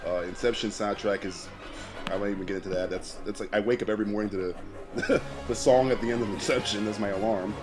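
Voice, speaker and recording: A man's voice: on the low side, fairly even intonation, quick pace, over music. A man co-hosting a podcast in casual chat, rambling with frequent restarts, swearing and laughing often. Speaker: podcast co-host.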